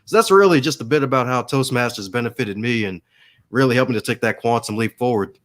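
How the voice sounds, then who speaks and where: A man's voice: medium pitch, fast. A man on a podcast, talking in a casual, motivational way about how he grew as a speaker. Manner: enthusiastic, motivational. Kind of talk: casual storytelling.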